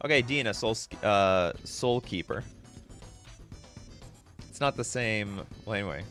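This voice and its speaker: A man's voice: fairly low pitch, animated, a little slow, a bit bright, soft background music. A man streaming live, reading viewer requests in casual, self-mocking chat, laughing often.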